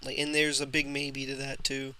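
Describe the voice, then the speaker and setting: A man's voice: medium pitch, monotone, moderate pace, bright, forceful tone, clean tone. A young man casually commenting on his own gameplay for a live stream, often frustrated and swearing at the game. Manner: frustrated, swearing, talks to himself and chat.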